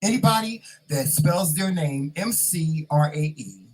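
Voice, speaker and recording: A man from North Carolina, chatting casually on his vlog as host, repeating himself and sounding proud and excited. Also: a little high, unhurried, poor audio.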